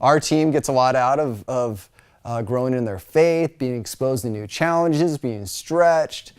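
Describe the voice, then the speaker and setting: A man's voice: medium pitch, unhurried, clear, resonant tone. A middle-aged man from the United States giving a casual, chatty Bible college lecture. He fills his talk with asides and fillers and now and then mimics other people's voices.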